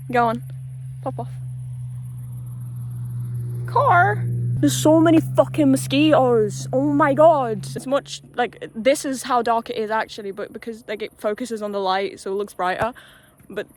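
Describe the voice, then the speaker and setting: A young Polish-born woman with a slightly high voice and a British-tinged accent, chatting loosely into a handheld phone on a walk outdoors. She strings her thoughts together with lots of "like" and the odd swear word, in a relaxed, unscripted vlog ramble. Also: normal speed, slight background noise. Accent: British-tinged English with a Polish background. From Poland. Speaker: vlogger. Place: outdoors on a quiet rural road. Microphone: handheld phone while walking.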